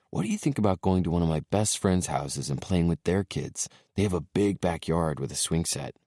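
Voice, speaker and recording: Very deep-voiced man narrating an audiobook. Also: a little mellow, no echo, studio quality.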